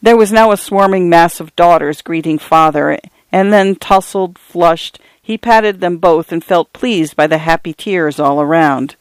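A man narrating literary fiction in a measured, wry storytelling delivery. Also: fairly high pitch, clear, resonant tone, no echo. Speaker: audiobook narrator.

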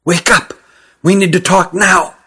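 A man's voice: sits high, flat delivery, measured pace, slightly rough, pitched above the performer's own voice, heavily acted. A man voicing an urgent, frightened young fugitive. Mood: urgent whisper. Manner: urgent, hushed, pleading. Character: sturdy young male creature, frightened, urgent and secretive. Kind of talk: audiobook character voice.

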